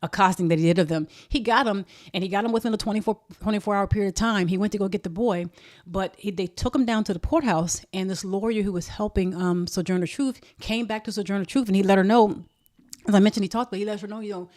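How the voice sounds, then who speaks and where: A woman retelling a history story in a casual, animated way, often repeating words as she goes. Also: mid-range voice, fairly quick.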